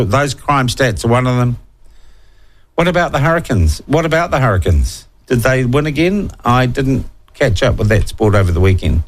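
A man with a New Zealand accent hosting talkback radio, reading listener texts and giving blunt, opinionated, sarcastic takes. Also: mid-range voice. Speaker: radio talk show host.

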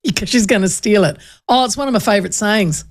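A New Zealand woman hosting a radio show, telling a lively anecdote and acting out the people in it. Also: medium pitch, fast. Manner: lively, animated, acts out voices in anecdotes. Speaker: radio host. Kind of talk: chatty radio storytelling.

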